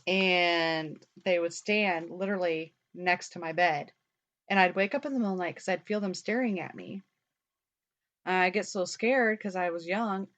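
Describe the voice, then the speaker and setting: A woman's voice: on the low side, normal speed, fairly bright tone. A young woman co-hosting a talk show, rambling in casual chat full of "like" and the odd swear word. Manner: rambling, chatty, peppered with "like" and mild swearing. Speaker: podcast co-host. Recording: dull lo-fi recording.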